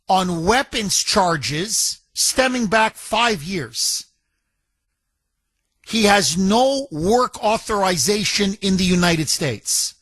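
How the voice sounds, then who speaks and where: Male talk radio host, sarcastic and outraged, bright tone, dry studio mic. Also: high-pitched, no room sound. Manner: mocking, indignant, mimics others in a whiny voice. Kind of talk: opinionated talk radio monologue.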